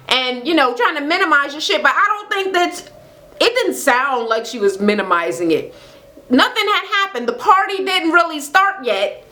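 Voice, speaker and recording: A woman recapping a reality show in a casual, animated rant, swearing heavily and acting out what people said. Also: high voice, moderate pace. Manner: animated, heavy swearing, acts out quotes. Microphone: camera mic with ring light setup.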